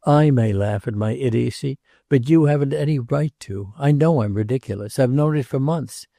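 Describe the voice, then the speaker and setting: A man's voice: mid-range voice, normal speed, vocal fry, mellow, dry recording, studio quality, pitched above the performer's own voice. A man reading aloud as a lovesick young male decorator, earnest and pleading.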